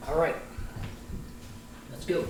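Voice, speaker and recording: A man's voice: takes it slowly, echoey room, noisy background. A man, a voice actor, chatting playfully with viewers while cooking on a livestream. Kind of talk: casual cooking livestream chat.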